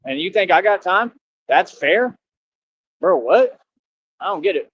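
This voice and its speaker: A man's voice: sits high, lively intonation, unhurried, slightly rough, dry recording. A man ranting on a livestream, boastful and confrontational, full of street slang. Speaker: livestream streamer. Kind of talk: ranting live stream. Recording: dull lo-fi sound.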